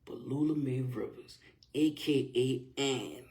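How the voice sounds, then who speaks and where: A man's voice: mid-range voice, slow, darkish tone. A man passionately recounting a personal story in casual, slang-filled conversational speech. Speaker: vlogger telling his own story.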